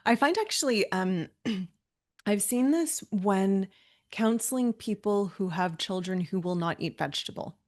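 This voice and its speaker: A woman's voice: mid-range voice, lively intonation, measured pace, a little mellow. A woman hosting a health webinar, chatting with a guest and reading audience questions, upbeat and practical, often affirming with "yeah". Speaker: webinar host. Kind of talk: conversational webinar, moderating questions.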